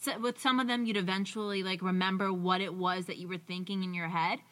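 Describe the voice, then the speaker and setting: A woman's voice: lowish voice, steady tone, a little fast, fairly bright tone. A young woman co-hosting a podcast, chatting casually and rambling with lots of fillers. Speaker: podcast co-host. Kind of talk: casual chat.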